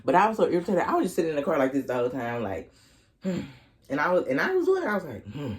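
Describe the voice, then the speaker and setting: This young vlogger, who has an Oklahoma accent, races through a storytime mukbang while eating, with huge swings in pitch. He's casual, slangy and profane, and his voice jumps higher whenever he acts out being irritated.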